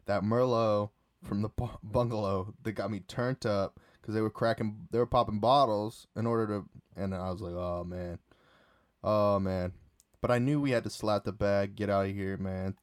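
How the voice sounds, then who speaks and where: A man's voice: fairly low pitch, no echo, clean studio sound. A young man telling a casual, rambling story about a night out, full of restarts and fillers.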